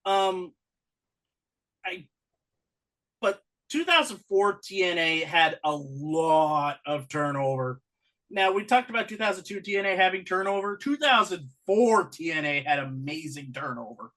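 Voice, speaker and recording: A podcast co-host in a casual wrestling chat, wry and teasing in quick back-and-forth. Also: medium pitch, lively intonation, a bit bright.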